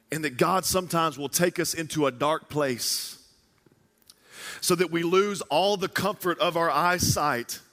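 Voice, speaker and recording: A male preacher telling stories in a sermon with animated, casual slang. His voice is a little high and bright, with a forceful edge. It carries a long reverb from a large church hall.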